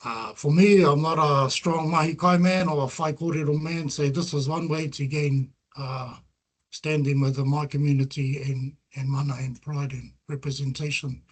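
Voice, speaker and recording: A middle-aged man with a New Zealand accent, his voice sitting a little higher than most men's. He presents his research in an earnest, reflective way. He weaves Māori words into his English as he speaks. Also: steady tone, normal speed. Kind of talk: presentation talk with slides.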